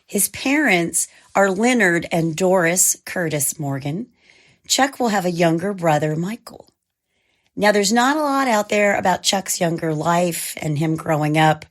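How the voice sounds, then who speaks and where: A woman with a hoarse voice from a cold, co-hosting and narrating a true crime podcast in a measured, scripted way. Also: on the low side, lively intonation. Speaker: podcast co-host.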